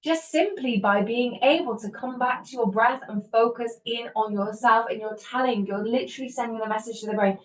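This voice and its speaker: Animated woman host, somewhat distant mic. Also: a little high, fairly quick, hardly any pauses. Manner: animated, laughs often, acts out inner voices. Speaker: podcast host. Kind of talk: motivational self-help talk.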